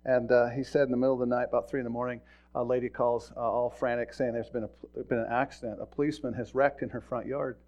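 A man's voice: mid-range voice, level tone, fast talker, a little mellow. A middle-aged man, a pastor, giving a folksy sermon full of stories, often repeating words and chuckling as he tells them. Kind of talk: sermon with storytelling.

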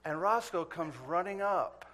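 A man's voice: high-pitched, measured pace, noisy background. A man preaching a sermon, telling a story in a folksy, chuckling way and speaking to the crowd as folks.

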